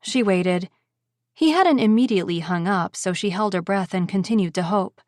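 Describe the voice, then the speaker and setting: A woman reading an audiobook novel in an even, measured way on a close mic. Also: fairly low pitch, no echo. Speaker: audiobook narrator. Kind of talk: scripted narration.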